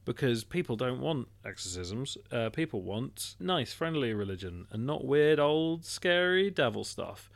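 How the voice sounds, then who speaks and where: A man co-hosting a podcast and chatting about a film in a rambling, animated way, swearing and laughing often. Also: mid-range voice, a little slow, vocal fry, hardly any pauses, dry recording. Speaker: podcast co-host. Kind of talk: casual film chat.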